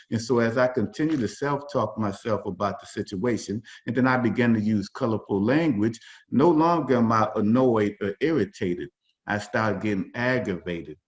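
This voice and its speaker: A man's voice: fairly low pitch, moderate pace. A man facilitating a workshop over a video call, talking informally with many fillers and restarts. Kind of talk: conversational workshop talk. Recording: dull lo-fi video call audio.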